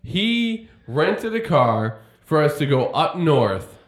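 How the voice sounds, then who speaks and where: A man's voice: on the high side, very animated, takes it slowly, reverberant. A man co-hosting a casual podcast, telling long rambling stories and stumbling over repeated words. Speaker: podcast co-host. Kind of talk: casual chat.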